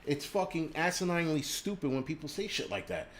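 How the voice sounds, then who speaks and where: A man with a slightly high voice talks fairly quickly over a faint hiss or hum. He's hosting a livestream, ranting angrily with plenty of profanity, and he breaks off to read viewers' names, comments, and donations aloud.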